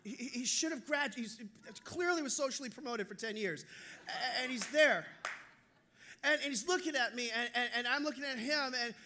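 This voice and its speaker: Pastor guy preaching, jokey animated storytelling, really high voice. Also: normal speed, a little hiss or hum. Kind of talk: sermon.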